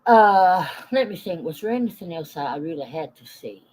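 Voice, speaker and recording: A woman's voice: on the low side, expressive, normal speed, darkish tone, slight background noise, rough recording. Woman in her forties, live-stream rant, blunt, swears a lot, greets chat viewers as she goes. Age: 40s.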